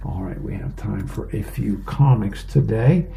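A man reads the newspaper aloud for a radio reading service, unhurried and plain, with the odd aside and filler. His voice is gravelly with fry at the ends of phrases. The tone is dark and mellow. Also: on the low side, a little hiss or hum. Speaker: volunteer newspaper reader.

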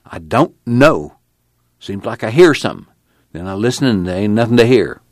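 A man doing a jumpy low-voiced laborer. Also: sing-song, normal speed, no echo, studio quality. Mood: uneasy. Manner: low, restless, uneasy. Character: jumpy uneasy rural laborer.

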